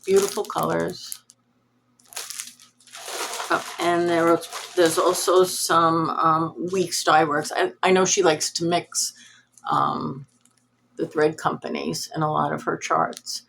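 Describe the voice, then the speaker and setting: A woman's voice: low voice, little pitch movement, slow pace, creaky, fairly bright tone, slight background noise. A woman hosting a cross-stitch vlog, chatting casually to camera in a nasal, rambling, self-deprecating way.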